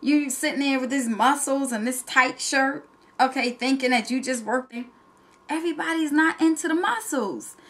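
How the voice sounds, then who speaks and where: A woman's voice: high-pitched, normal speed, a bit bright. Sassy Southern-accented woman. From New Jersey. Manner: sassy, direct, emphatic. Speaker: home business entrepreneur. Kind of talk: motivational vlog talk.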